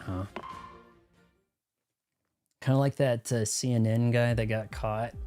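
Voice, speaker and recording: Over background game music, a live streamer with a mellow, lowish voice plays and talks. His commentary is rambling, full of joking asides.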